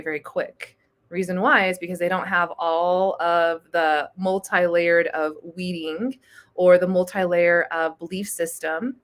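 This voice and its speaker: Relaxed, encouraging woman coach, lower voice. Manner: relaxed, encouraging, chatty with fillers. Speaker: EFT tapping coach. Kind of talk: casual live-stream talk.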